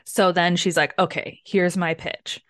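A woman co-hosting a casual book club podcast, recapping chapters in an animated way and swearing freely. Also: fairly low pitch, measured pace, no echo, studio quality. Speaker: podcast co-host.

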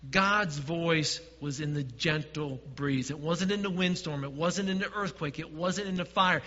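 Man, pastor, preaching, quiet dips and emphatic swells, long hall reverb, dull lo-fi sound. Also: a little high, a little slow. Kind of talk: sermon.

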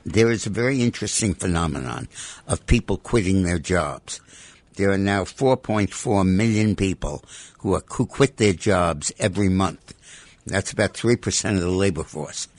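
A man with a fairly low voice delivers opinionated radio commentary. He is emphatic and stacks up repeated rhetorical demands. The sound is dry, with no room around it. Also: animated, normal speed, dry recording. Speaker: radio talk show guest commentator.

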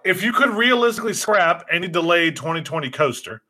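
A man's voice: high-pitched, animated, a little fast, sharp tone. A man co-hosting a casual podcast who reads out listener questions, teasing and swearing with lots of ums and uhs. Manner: teasing, swearing, hesitant with fillers when reading. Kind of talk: casual chat.

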